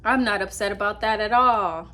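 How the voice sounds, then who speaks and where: A young woman vlogging casually from her apartment at night, telling a rambling, animated story to her laptop with many fillers. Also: medium pitch, moderate pace. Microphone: laptop with ring light.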